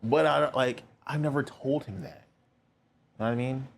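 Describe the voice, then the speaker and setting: A man's voice: medium pitch, moderate pace, creaky. A young man hosting a podcast, telling a personal story in a candid, rambling way with lots of filler words. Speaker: podcast host.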